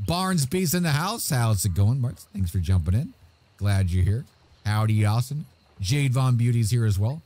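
A man's voice: medium pitch, expressive, normal speed, darkish tone. A man hosting a live game stream, cheerfully greeting viewers and reading chat messages aloud.

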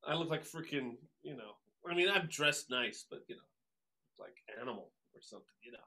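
A man, a drummer telling stories as a guest, animated and acting out the voices of people he quotes. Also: a little high, a little fast. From Long Island, New York. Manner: animated, acts out quoted voices, many fillers. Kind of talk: casual storytelling interview.

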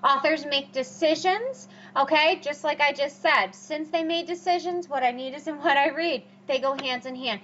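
A woman's voice: high-pitched, moderate pace, few pauses, fairly bright tone. A woman teacher giving a recorded lecture over slides, repeating key points with emphatic rhetorical questions. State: has the hiccups. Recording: dull, lo-fi recording with faint hum.

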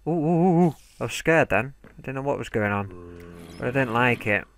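This gaming commentator is a young man narrating a let's play, muttering to himself and yelping whenever something startles him. His medium-pitched voice is a bit bright, with a little hiss or hum in the audio.

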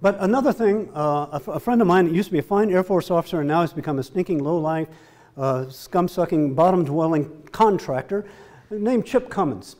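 A man's voice: on the high side, brisk, a little mellow. A middle-aged man giving a joking, emphatic lecture to military students, often asking his listeners rhetorical questions.

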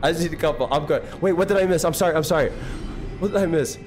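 A man streaming a video game live, chatting casually and excitedly with his viewers in slang and thanking them constantly. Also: fairly high pitch, rapid-fire, faint music behind. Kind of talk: casual live-stream chat while gaming.

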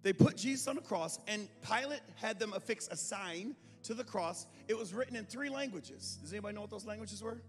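A man pastor preaching a sermon in a church, moving from calm talk to impassioned shouting, with joking asides. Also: high voice, fairly quick, hardly any pauses. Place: church sanctuary. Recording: reverberant hall with music behind.

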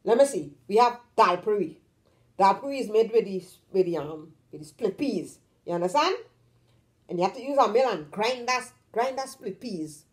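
This vlog host is a woman from Trinidad with a mid-range, expressive voice and a moderate pace. Talking casually to her camera, she stresses words by stretching them out and often checks in with "you understand?"

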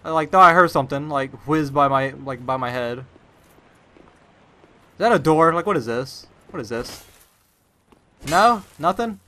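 A man's voice: fairly high pitch, animated, a little slow, long pauses, sharp tone. A young man casually commenting on a video game as he plays, rambling with constant "like" and startled outbursts. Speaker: gameplay commentator. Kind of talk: casual let's-play commentary.

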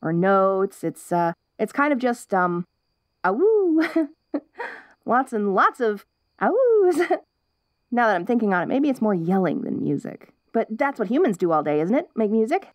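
A woman's voice: medium pitch, sing-song, unhurried, dry recording. A young woman voicing a perky, curious wolf girl in an ASMR role-play, bubbly and giggly with restless chatter.

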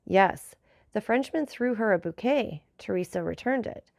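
A woman voicing a grateful, devoted male bandit messenger in a measured storybook reading. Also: mid-range voice, lively intonation, gravelly, darkish tone, no echo, clean studio sound.

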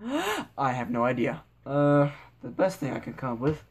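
A young man with a gravelly, mid-pitched voice gives casual commentary while he plays. He rambles goofily, talks to himself and barks at the characters on screen. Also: huge pitch swings, normal speed. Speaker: gameplay video maker.

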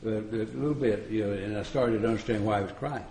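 At an AA retreat, a folksy man tells stories in a recovery talk, joking and chuckling often in an echoey room. His voice is on the low side, darkish and quick.

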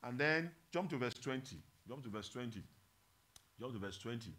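A pastor teaching a Bible study, humorous and engaging with his congregation, moving between loud emphasis and quiet, earnest reflection. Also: medium pitch, moderate pace. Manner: animated, humorous, draws the congregation in with call-and-response.

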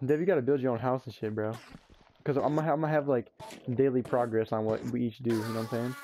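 A young man hosting a gameplay session, telling stories in animated slang and swearing freely. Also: mid-range voice, fast talker, a little hiss or hum. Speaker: let's play host. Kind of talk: casual gameplay chat and storytelling. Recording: muffled lo-fi audio.

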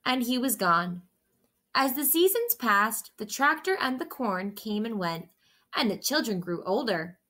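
A woman reading a children's picture book aloud in a slow, gentle, expressive storytelling voice. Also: fairly high pitch.

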